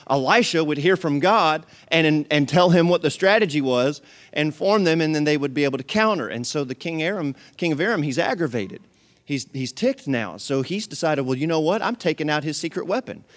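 A man preaching a sermon, retelling a Bible story in an animated, dramatic way with jokes and asides to the congregation. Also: on the high side. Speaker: pastor.

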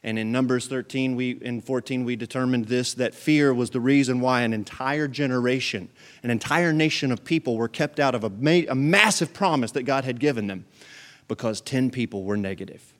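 A man's voice: medium pitch, normal speed. A male pastor, preaching a sermon in a church service with call and response and fervent emphasis.

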